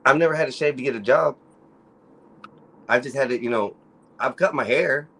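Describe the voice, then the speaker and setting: Male stream guest, Mexican-American accent, deep groaning voice, laid-back banter. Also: normal speed, vocal fry, pushed and bright, slightly rough. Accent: Mexican-American English. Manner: laid-back, drawling, repeats "bro". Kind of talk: casual joking banter.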